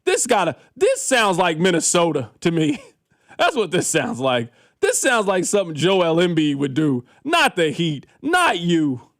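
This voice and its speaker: Guy on sports radio, kinda high voice, goes off in disbelief, dry studio sound. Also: measured pace, no room sound. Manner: animated, incredulous, slangy riffing. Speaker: radio show co-host. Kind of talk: casual sports talk radio. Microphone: studio microphone.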